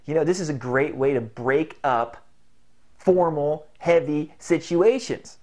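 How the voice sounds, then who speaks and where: A man giving an instructional talk in a jokey, animated way, now and then slipping into demo voices. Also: a little high, a little slow. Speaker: self-help instructor.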